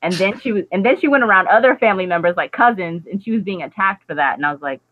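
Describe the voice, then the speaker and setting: A woman's voice: mid-range voice, expressive, fast. A young woman hosting a book club discussion on a video call, chatting casually with many fillers. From United States. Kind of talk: casual group video chat. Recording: tinny phone-like call audio.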